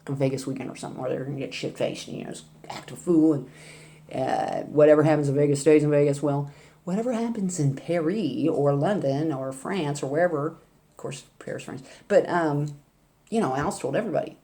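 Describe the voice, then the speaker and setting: Older woman, low pitch, warm mellow tone, chatty, rambling storyteller. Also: animated, fairly quick. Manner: rambling, chatty, with laughs and asides. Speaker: vlogger. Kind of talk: casual storytelling chat.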